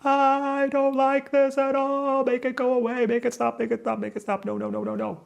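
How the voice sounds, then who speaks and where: A man's voice: very high voice, monotone, moderate pace, creaky, lo-fi sound, voice pushed up. A man voicing his own panicky inner self as a whining, pleading, childish voice. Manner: pleading, repetitive whine.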